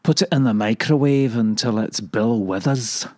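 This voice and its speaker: A man voicing a rambling old male kale leaf, telling stories in a dry deadpan comic monologue. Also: medium pitch, no echo, natural voice. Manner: dry deadpan, drawn-out delivery.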